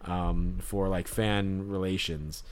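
A man's voice: low voice, steady tone, slow, clear, resonant tone. A man telling a story in casual podcast chat, rambling with lots of fillers and restarts.

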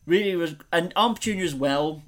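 A man's voice: on the high side, a little fast. A man co-hosting a casual chat, talking with gushing enthusiasm. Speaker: podcast co-host.

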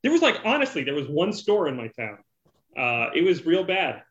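A man's voice: a little high, huge pitch swings, normal speed, a bit bright, echoey room, highs cut off. A man from rural Canada, a comic book writer, rambling casually as a podcast guest. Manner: rambling, lots of likes and ums.

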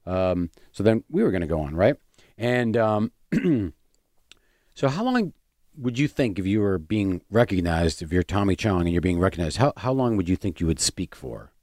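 A man's voice: deep voice, sing-song, normal speed, darkish tone, no echo, studio quality. A man who is a stand-up comedian, telling a story in casual chat, rambling with lots of fillers and restarts.

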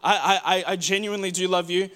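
A pastor delivers a sermon to his congregation in a church hall, his high voice carrying a bright edge. He speaks fast and smoothly with fairly even intonation, alternating ringing declarations with hushed asides and often repeating words to build his points.

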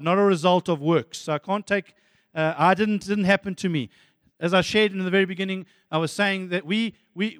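A man preaching a sermon as pastor, animated and excitable, dropping to soft asides at times. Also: high-pitched, no room sound, studio quality, big-room sound.

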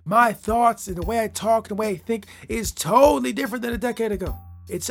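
A man hosts a motivational podcast, speaking directly to the listener and frequently ending lines with "right?" He shifts between loud emphasis and quiet asides in a high-pitched, creaky voice.

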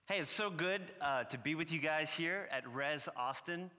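A man with a New Orleans accent preaching as a guest priest, chatty and earnest with a slow prayerful cadence. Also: fairly high pitch, expressive, sharp tone. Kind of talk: sermon. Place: church sanctuary. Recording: long reverb from a church hall.

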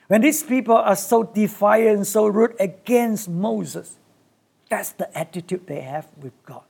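Preacher, sermon, gravelly creaky voice, emphatic short bursts, repeats key phrases. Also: mid-range voice, measured pace, a little mellow.

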